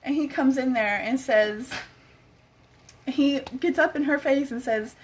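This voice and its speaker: A woman's voice: high-pitched, a little slow. A young woman vlogger telling a casual story, chatty, acting out the quoted lines and swearing freely.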